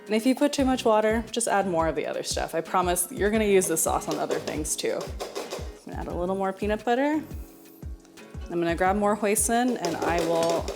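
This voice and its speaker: A woman's voice: medium pitch, animated, brisk, music in the background. A young woman hosting a home cooking video, talking straight to the viewer in a friendly, chatty way. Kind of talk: casual cooking demonstration.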